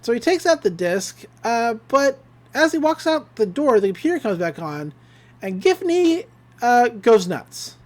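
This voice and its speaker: A man's voice: extremely high pitch, sing-song, measured pace. A man casually recapping a cartoon episode on a podcast, acting out the characters' lines and laughing often. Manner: acts out characters' lines with shifting voices; laughs often, with many fillers. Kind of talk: casual chat, retelling scenes.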